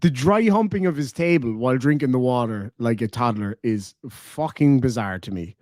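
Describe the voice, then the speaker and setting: A man's voice: mid-range voice, lively intonation, normal speed, darkish tone, no echo, clean studio sound. An Irish man hosting a casual livestream, reading super chats aloud and bantering with a lot of swearing and laughter. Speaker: livestream host.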